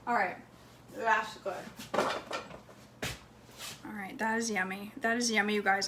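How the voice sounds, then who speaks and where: A cooking vlogger films casually in her home kitchen, chatting to viewers and talking to her dog between steps as she cooks. Her mid-range voice has a sharp tone, with slight background noise in the recording.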